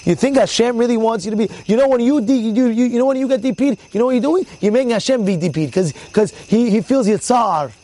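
A man's voice: extremely high pitch, quick pace, few pauses, warm tone, no room sound. A rabbi in his thirties giving an informal Torah talk, repeating rhetorical questions and checking in with his listeners. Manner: emphatic bursts on key words. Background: crickets and insects faintly.

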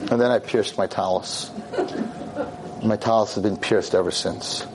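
Animated rabbi telling a story. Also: male voice, fairly low pitch, a little slow, noisy background. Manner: animated, acts out quoted voices. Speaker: rabbi and teacher. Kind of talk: convention speech with storytelling.

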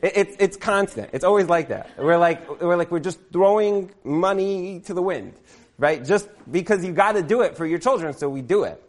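Comic storyteller, man in his thirties, rambling and self-amused, voice a little high. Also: expressive, moderate pace. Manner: rambling, many "like" fillers, laughs at himself.

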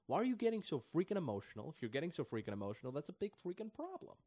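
A man giving an animated political commentary rant. He swings from loud and emphatic to soft, and jumps high when he mocks other people's voices. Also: rapid-fire, no echo.

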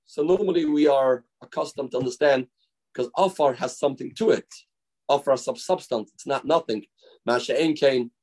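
A man's voice: mid-range voice, a little mellow. A man giving a daily Torah lesson as a rabbi, explaining through stories and acted-out quotes. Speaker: rabbi teaching a daily class.

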